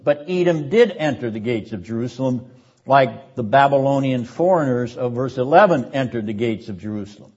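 An older male seminary lecturer explains a text in a deliberate, emphatic classroom manner, hammering key words through repetition. He clears his throat often between points. The lecture recording sounds dull and lo-fi. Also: medium pitch, animated, a little mellow.

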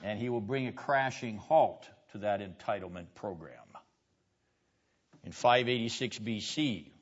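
A man's voice: medium pitch, fairly bright tone. Emphatic male lecturer in a classroom. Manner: emphatic, with rhetorical questions; quizzes students by name. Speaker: seminary lecturer. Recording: dull lo-fi classroom recording.

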